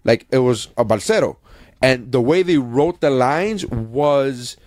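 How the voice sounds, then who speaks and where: Rambling, swearing podcast host. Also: male voice, mid-range voice, animated, a little slow, darkish tone, no room sound, clean studio sound. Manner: rambling storyteller, swears freely, restarts. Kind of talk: casual podcast chat.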